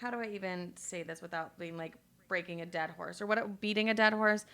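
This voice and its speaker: A young woman hosts her own podcast, rambling candidly through a casual solo monologue packed with fillers and frequent swearing. Her voice is on the low side, a bit bright, and brisk.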